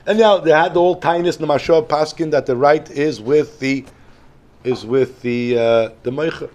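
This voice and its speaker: A man, a rabbi telling a story in a Torah lesson, animated, often repeating and restarting phrases. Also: fairly high pitch, normal speed. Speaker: rabbi teaching daily Talmud.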